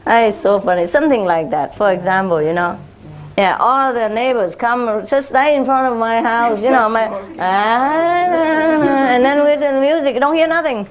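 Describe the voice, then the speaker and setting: A woman's voice: high-pitched, moderate pace, hardly any pauses. A woman spiritual teacher telling chatty anecdotes to her followers in simple, loose English. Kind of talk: informal talk to followers.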